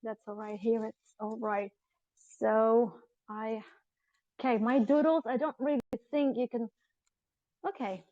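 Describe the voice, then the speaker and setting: A woman's voice: fairly high pitch, steady tone, unhurried, dry recording, muffled recording. Awestruck woman guide. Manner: effusive, breathless with wonder. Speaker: tour guide. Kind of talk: live tour vlog. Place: inside a church. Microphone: handheld phone.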